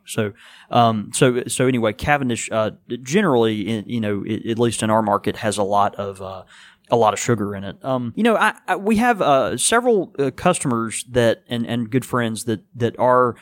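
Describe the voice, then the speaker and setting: A man co-hosting a casual podcast, talking in a halting way with many fillers and restarts. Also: medium pitch. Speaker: podcast co-host.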